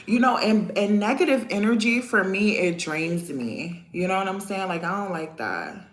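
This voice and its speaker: A chatty woman in her thirties talks straight to her live viewers in an animated, laughing way. Her voice sits at an ordinary middle pitch. It comes through a roomy, echoey space. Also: normal speed, few pauses. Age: 30s. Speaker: vlogger talking to live chat. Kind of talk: casual live-stream chat.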